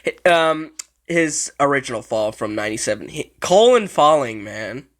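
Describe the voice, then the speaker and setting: A man's voice: mid-range voice, very animated, normal speed. A man giving casual reaction commentary on show clips, laughing often between lines and swearing casually.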